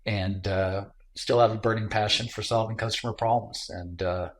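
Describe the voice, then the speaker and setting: A man's voice: lowish voice, moderate pace. A middle-aged man from Michigan, a tech entrepreneur guest, telling a travel anecdote in a casual interview, with lots of fillers and restarts. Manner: animated anecdote teller with many fillers.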